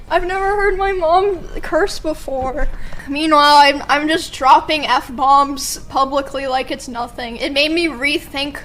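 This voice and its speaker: A young adult woman streamer telling family stories in casual chat, animated and laughing often. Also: high-pitched, moderate pace, faint music behind.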